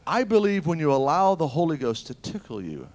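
A man preaching a sermon, telling stories in an animated way that swings from loud exclamations to hushed asides. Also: a little high, a little fast.

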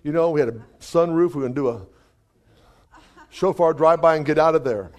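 Guy preaching a testimony, kinda high voice, keeps saying hallelujah, chuckles as he goes. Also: brisk. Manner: animated, exclamations of hallelujah, chuckles. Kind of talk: testimony sermon storytelling.

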